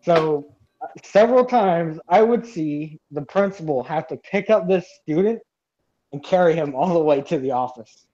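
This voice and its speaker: A man's voice: a little high, lively intonation, normal speed, dark tone. A man telling a story from his school days in a casual, rambling chat, with many restarts. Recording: dull lo-fi sound.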